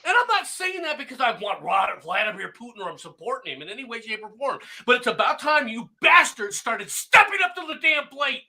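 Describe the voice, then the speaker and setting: Sex: man. Role: political talk host. Style: angry ranting commentary. Pitch: high, very lively. Tone: bright. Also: brisk, few pauses. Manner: angry, sarcastic, mocking, often shouting.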